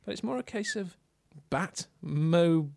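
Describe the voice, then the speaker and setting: Jokey podcast host. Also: male voice, a little high, expressive, no echo, clean studio sound. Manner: jokey, punning, quick asides. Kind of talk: casual podcast chat.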